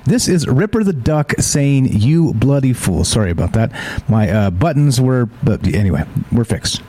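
A man's voice: medium pitch, sing-song, moderate pace, dark tone, slight background noise. A man hosting a live-streamed news show, reading articles aloud and rambling in asides to his listeners. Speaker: show host.

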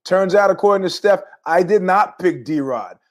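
A man's voice: high-pitched, expressive, moderate pace. A middle-aged man hosting a podcast, telling rambling, jokey stories in a casual monologue with asides. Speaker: podcast host.

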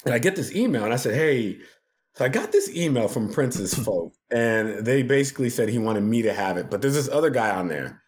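A man, a podcast guest, telling funny stories from his work in a casual, animated way, often laughing. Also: medium pitch, a little fast, hardly any pauses. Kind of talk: casual storytelling.

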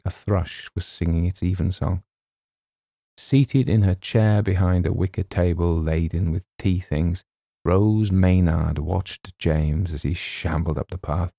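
A man reading a comic short story aloud in a measured, wry storytelling manner. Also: low-pitched, gravelly, warm tone, no echo, clean studio sound. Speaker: audiobook reader. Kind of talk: scripted narration.

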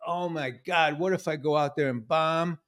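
A man with a fairly high-pitched voice hosts a podcast in a relaxed, conversational style. He tells stories with animation and slips into other voices whenever he quotes someone. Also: moderate pace. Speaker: podcast host. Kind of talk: casual conversation.

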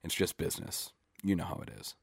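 A man's voice: sits low, big pitch swings, fairly quick, creaky, breathy edge, dry recording, clean studio sound, full character voice. A man voicing a cocky male TV celebrity with a smug, suggestive way of talking. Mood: subdued.

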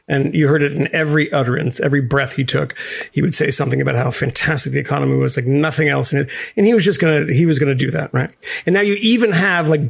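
A man's voice: a little high, gravelly, breathy edge. A man co-hosting a podcast, giving wry, rambling political commentary. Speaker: podcast co-host. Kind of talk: podcast conversation.

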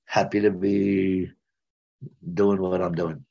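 A man in his nineties from the United States, a war veteran recounting his memories in a halting, rambling way, restarting and repeating words. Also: deep voice, little pitch movement, gravelly, dark tone, breathy edge. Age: 90s. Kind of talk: spoken personal storytelling. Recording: dull lo-fi sound.

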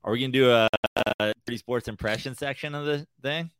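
A man's voice: mid-range voice, quick pace, fairly bright tone, clean tone, no echo. A male comedian co-hosting a podcast, chatting casually and rambling with lots of filler words. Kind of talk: casual chat.

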